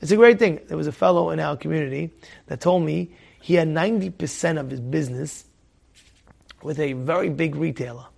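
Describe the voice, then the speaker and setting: A man giving a religious lesson with stories, animated and repetitive, asking his listeners rhetorical questions and swinging from loud to hushed. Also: fairly high pitch, a little fast, gravelly.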